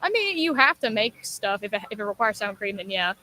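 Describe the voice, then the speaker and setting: Woman, guest, casual chat, self-deprecating, bright forceful voice. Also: medium pitch, sing-song, a little fast, low-quality recording. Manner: chatty, laughing, self-deprecating.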